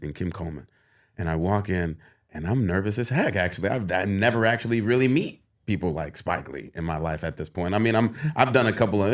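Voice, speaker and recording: A man in his thirties, an actor guest on a podcast, telling animated stories, laughing often and acting out other people's lines. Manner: laughs often, acts out others in high voices. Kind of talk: animated storytelling.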